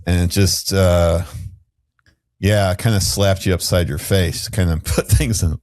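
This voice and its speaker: A man's voice: low-pitched, steady tone, a little slow, a little mellow, no echo, studio quality. A man hosting a podcast, telling stories candidly in a casual, blunt way. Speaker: podcast host. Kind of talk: podcast conversation.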